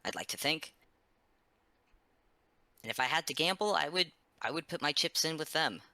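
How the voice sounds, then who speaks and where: A man's voice: a little high, animated, moderate pace, bright, forceful tone, no echo. A man voicing his character in a tabletop role-play, rambling and earnest with frequent restarts. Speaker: player.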